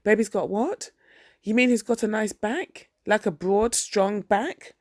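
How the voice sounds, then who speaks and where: A woman reading the lines of an anxious office worker with a high, whiny voice in an audiobook. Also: unhurried, no echo, clean studio sound, close to an everyday voice. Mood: puzzled.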